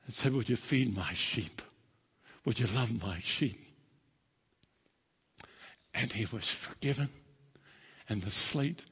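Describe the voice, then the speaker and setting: A male pastor preaching a sermon and telling a story dramatically, swinging between loud and hushed. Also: medium pitch, slightly rough. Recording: long reverb of a large hall.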